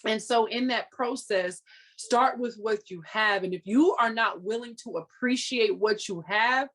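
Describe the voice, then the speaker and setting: A woman's voice: a little high, a little slow, a bit bright. Firm motivational woman guest. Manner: firm, exhorting, direct commands to listener. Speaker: podcast guest, business coach. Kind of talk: motivational talk.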